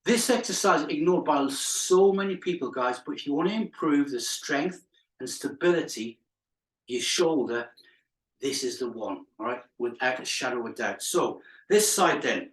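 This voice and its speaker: A man's voice: medium pitch, animated, moderate pace, a bit bright. A male fitness instructor leading a live exercise class, counting reps aloud with chatty asides and laughing at his own jokes. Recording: echoey room, mic far off.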